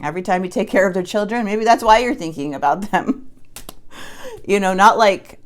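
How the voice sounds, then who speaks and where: A woman with a slightly low voice gives a casual tarot reading. She talks straight to the viewer and leans hard on her points in a blunt, emphatic way. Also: moderate pace. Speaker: tarot card reader.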